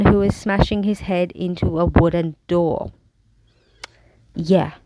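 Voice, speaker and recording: A woman's voice: fairly low pitch, dark tone, no echo, poor audio. An Australian woman telling her own story to camera in a frank, wry manner, with bursts of sarcasm. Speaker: vlogger. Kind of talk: candid personal storytelling.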